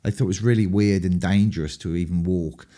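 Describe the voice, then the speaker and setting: A man's voice: low-pitched, fairly even intonation, fairly quick, warm tone. An English man, a rock band frontman, telling candid stories in a rambling, profane way with lots of ums. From England. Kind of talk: candid anecdotal storytelling.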